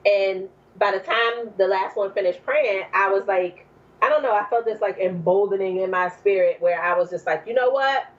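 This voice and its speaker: A woman from New Jersey, a podcast guest, telling a personal story in an animated way, acting out what people said, with many fillers. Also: mid-range voice, moderate pace, lo-fi sound. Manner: animated, acts out quoted speech, many fillers.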